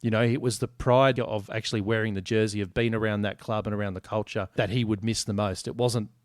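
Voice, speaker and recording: A man's voice: on the low side, steady tone, brisk, no room sound, clean studio sound. A man co-hosting a casual sports podcast, blunt and joking, swearing freely. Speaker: podcast co-host.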